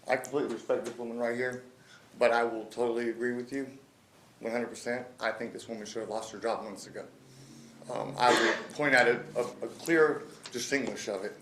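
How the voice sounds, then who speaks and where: A man giving a blunt, halting public comment at a city meeting. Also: medium pitch, a bit bright, slight background noise. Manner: blunt, halting, repeats words. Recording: echoey council chamber.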